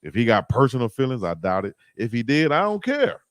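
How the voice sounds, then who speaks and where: A man hosting a live stream, tossing out slang and cracking up at his own stories. His voice sits at an ordinary mid pitch. It is recorded close and dry, with no room sound around it. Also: brisk, no room sound. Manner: animated, laughing, slangy banter. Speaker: live-stream show host. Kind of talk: casual live-stream chat.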